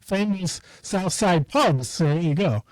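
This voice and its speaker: A man from Ireland hosting a podcast, asking questions eagerly and warmly enthusiastic. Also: sits high, expressive, a little slow, no room sound, low-quality recording. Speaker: podcast host. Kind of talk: casual interview chat.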